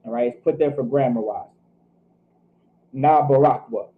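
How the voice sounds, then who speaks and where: A man's voice: medium pitch, normal speed. A man teaching a Hebrew scripture class who thinks aloud, double-checks himself and keeps saying "all right". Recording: tinny phone-like line.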